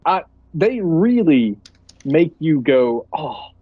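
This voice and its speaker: A man's voice: medium pitch, expressive, normal speed, no echo, phone-quality sound. A man co-hosting a casual movie podcast, animatedly acting out scenes in funny voices. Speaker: podcast co-host. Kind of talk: casual movie chat over beer.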